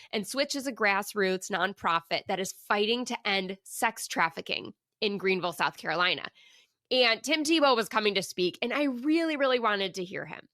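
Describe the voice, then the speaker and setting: A woman hosting her own podcast, telling a personal story in an animated, emphatic way and asking the listener reflective questions. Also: medium pitch, no echo, clean studio sound. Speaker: podcast host.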